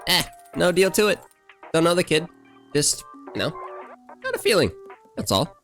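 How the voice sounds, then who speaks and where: A man's voice: fairly high pitch, big pitch swings, moderate pace, fairly bright tone, faint music behind, pitched above the performer's own voice. A man doing a brash, teasing old shopkeeper woman. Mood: brash, secretive.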